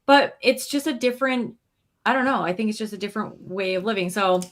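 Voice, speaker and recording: A woman talking casually, airing frank opinions and working through her thoughts as she goes, with plenty of hedging. Her pitch sits in an ordinary middle range. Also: fairly quick. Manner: thinking aloud, hedging, frank. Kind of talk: casual chat.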